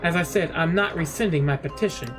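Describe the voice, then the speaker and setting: A man's voice: on the high side, quick pace, voice pushed down, natural voice. A man voicing a prim middle-aged woman librarian who calls people dearie, sweet but guarded. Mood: alarmed, defensive. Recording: game music playing underneath.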